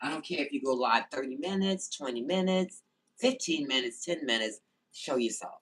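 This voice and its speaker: A woman's voice: a bass voice, lively intonation, moderate pace, slightly rough. A woman hosting a casual livestream, greeting viewers by name and answering the chat on her phone. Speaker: livestream host.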